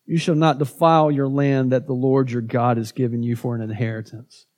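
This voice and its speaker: A pastor preaching a conversational sermon, often repeating words and tagging points with "right?". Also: male voice, medium pitch, level tone, a little fast, darkish tone.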